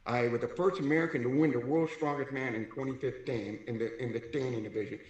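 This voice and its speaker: A middle-aged man from California telling his life story in a lively way, acting out the voices of people he quotes. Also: medium pitch, quick pace. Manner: animated, acts out quoted voices. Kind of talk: personal storytelling. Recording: echoey room.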